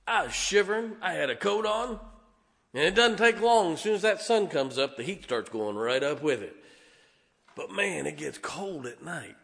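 A man preaching as a Baptist pastor, telling animated personal stories and asking his congregation to listen up. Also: a little high, moderate pace, vocal fry. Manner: animated storytelling, keeps asking the congregation "can I tell you something". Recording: long reverb of a large hall.

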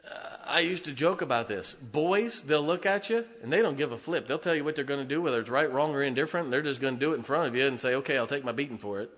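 In a church sanctuary, a middle-aged male pastor delivers an everyday sermon to his congregation, his bright, forceful, mid-range voice ringing through a long reverb. He talks quickly with few pauses, swinging from emphatic outbursts to hushed, confiding asides and chuckling between points.

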